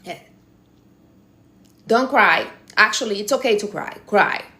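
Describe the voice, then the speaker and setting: A woman's voice: mid-range voice, lively intonation, measured pace, bright, forceful tone. A woman hosting a casual live stream, giving blunt, teasing advice in non-native English phrasing. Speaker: livestream host.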